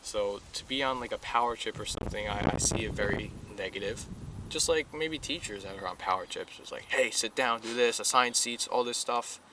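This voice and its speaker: Young male guest, earnest, low-ish voice, faint hiss. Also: fairly quick. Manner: earnest, repeats himself with many fillers. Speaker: guest, police recruit. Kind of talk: casual podcast interview.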